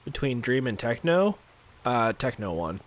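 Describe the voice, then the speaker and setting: Here a young man streams a game and rambles at his viewers, packing his casual chat with fillers. He speaks unhurriedly at a medium pitch that swings widely, and he sounds a bit stuffed up.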